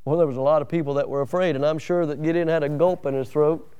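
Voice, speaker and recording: A man preaching a sermon, animated and humorous, acting out scripture scenes. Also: fairly high pitch, fast, clean tone, muffled recording. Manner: animated, acts out biblical voices with humor.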